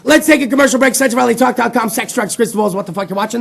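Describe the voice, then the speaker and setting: High-pitched gravelly man ranting profanely. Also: animated, fairly quick, few pauses, some chatter behind, a little hiss or hum. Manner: rowdy, swearing, loud outbursts. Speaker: talk show host. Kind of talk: profane comedic rant.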